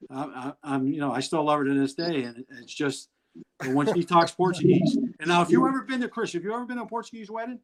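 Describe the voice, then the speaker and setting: A man's voice: a little high, fast, a loud crowd, low-quality recording. A middle-aged man, a guest on a video-call interview, telling rambling, blunt stories and laughing through them. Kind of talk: candid storytelling in an interview.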